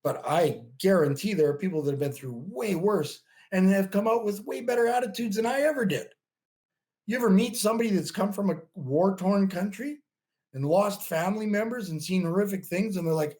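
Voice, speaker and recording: A man in his fifties, a bodybuilding coach guesting on a podcast, telling stories in a chatty, animated way with lots of "you know" and frequent laughs. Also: on the high side, normal speed. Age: 50s. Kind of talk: casual interview talk.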